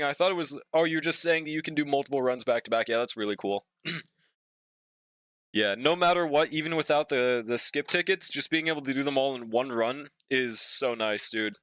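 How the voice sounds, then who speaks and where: A relaxed man hosting a game stream, chatting with his audience in easy slang and dropping the occasional swear. His voice sits a little high and comes through smooth and clean. The recording is dry and close. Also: no echo. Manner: laid-back, slangy, swears, hums and scats while waiting. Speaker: streamer reading chat. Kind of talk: casual live-stream chat while playing.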